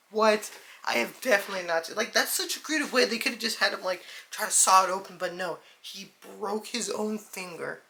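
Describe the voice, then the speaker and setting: Excitable woman gushing about a movie, bright sharp voice, faint hiss behind. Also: mid-range voice. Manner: excitable, chatty, addresses viewers as "dude" and "guys". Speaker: movie reviewer. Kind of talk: casual movie review vlog.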